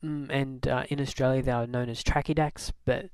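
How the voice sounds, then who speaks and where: A man chatting casually to camera as a vlogger, relaxed and full of fillers. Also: mid-range voice, moderate pace, smooth, no echo.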